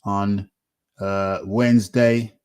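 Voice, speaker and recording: A man hosting a casual boxing talk show, speaking haltingly with many fillers and restarts. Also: on the low side, little pitch movement, darkish tone, clean tone.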